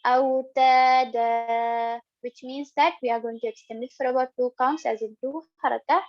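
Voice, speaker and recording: A patient woman with a fairly high voice guides a recitation lesson, saying each example slowly two or three times. The recording sounds dull and lo-fi. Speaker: Quran recitation teacher.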